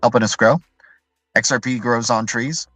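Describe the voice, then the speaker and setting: A man's voice: mid-range voice, steady tone, moderate pace, fairly bright tone, dry recording, faint music behind, rough recording. A man hosting a live stream in a loose, rambling way, tagging his points with "right?" and answering viewer chat as he goes. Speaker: livestream host.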